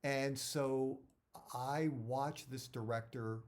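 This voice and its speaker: A man's voice: medium pitch, fairly even intonation, slow pace. A middle-aged man, an actor, giving career advice in a casual talk that rambles, repeats words and drifts off topic.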